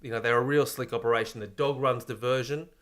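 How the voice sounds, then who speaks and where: A man's voice: mid-range voice, steady tone, fast talker, fairly bright tone. Laid-back man spinning a story. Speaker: podcast co-host. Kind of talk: casual comedic chat, pitching a movie plot.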